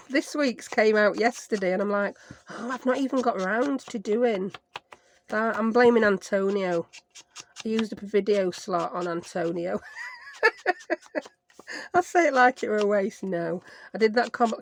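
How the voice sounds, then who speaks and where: A gravelly, darkish mid-range female voice carries over a faint hiss or hum. The Sheffield-accented craft vlogger talks through her project as a chatty craft-along, wandering off on tangents, teasing herself, and playing with made-up words.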